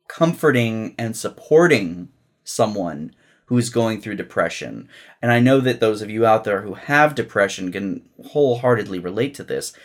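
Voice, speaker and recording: A young man co-hosting a podcast, talking candidly and casually, swearing freely and restarting his sentences. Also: fairly low pitch. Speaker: podcast co-host.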